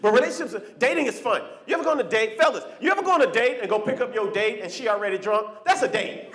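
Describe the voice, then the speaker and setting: A man doing animated stand-up comedy on a club stage, teasing the crowd. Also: sits high, fast talker, noisy background.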